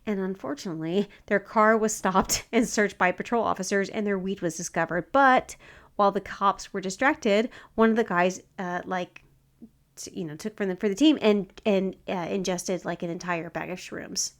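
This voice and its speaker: A woman co-hosting a podcast in casual chat, animated and joking, often laughing. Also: mid-range voice, normal speed. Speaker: podcast co-host.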